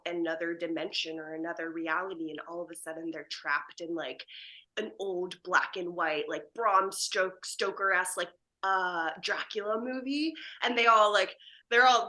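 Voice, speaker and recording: A woman actress chatting on a video call, laughing often as she tells animated stories. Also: lowish voice, normal speed, low-quality recording. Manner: giggly, animated storytelling. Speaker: actress guest. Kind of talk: casual interview chat.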